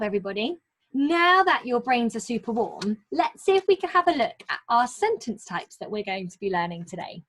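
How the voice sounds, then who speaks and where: A woman teaching young children in a recorded lesson, encouraging and sing-song, stretching key words out slowly. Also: on the high side, fairly bright tone. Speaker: primary school teacher.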